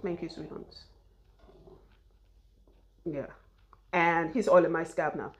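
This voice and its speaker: A woman, her voice sitting a little low. She talks in a loose, rambling way and laughs often. She is recorded close on a clip-on mic. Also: fairly even intonation, takes it slowly, slight background noise. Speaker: loctician and vlogger. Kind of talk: casual chat while getting her hair done.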